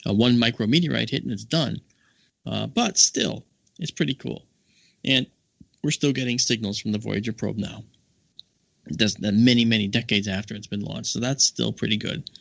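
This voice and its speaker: A man with a gravelly, mid-pitched voice chats on a podcast from his home office. He tells an animated story and jumps way up in pitch when he quotes other people. The sound is dry and close. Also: normal speed, no echo. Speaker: podcast co-host. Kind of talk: casual storytelling chat.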